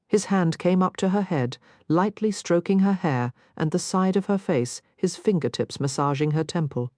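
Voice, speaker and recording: An audiobook narrator, a woman with a low, expressive voice, reads scripted narration as measured, expressive storytelling. The recording is studio quality with no echo.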